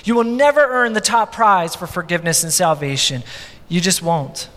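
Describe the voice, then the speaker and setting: In a large hall, a high-voiced man preaches a sermon as a pastor, spinning it into an animated story. He keeps things conversational and performs the lines of the people he describes.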